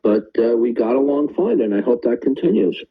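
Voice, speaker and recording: Man, host, live call-in debate, animated pitch, forceful, interrupting, muffled lo-fi online call. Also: normal speed, husky. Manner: forceful, interrupts, repeats "okay?".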